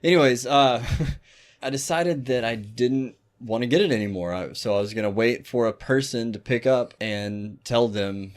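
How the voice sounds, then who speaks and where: Low-voiced man telling a profane story. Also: moderate pace. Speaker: podcast co-host. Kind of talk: casual storytelling chat.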